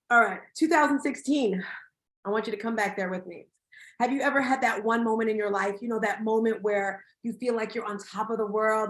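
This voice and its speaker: A middle-aged woman speaks with heartfelt emotion, pulling her listeners straight into her story. Her voice sits fairly high, and the sound bounces around a roomy space. It comes through a video call. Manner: emotional, heartfelt, addressing audience directly. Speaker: summit host. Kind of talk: personal storytelling talk. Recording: echoey room.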